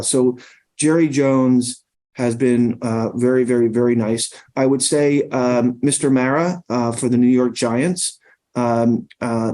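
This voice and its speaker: A man's voice: mid-range voice, mellow. A middle-aged man, a podcast guest, tells long anecdotes in casual conversation, full of fillers and restarts. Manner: rambling anecdotes with many fillers.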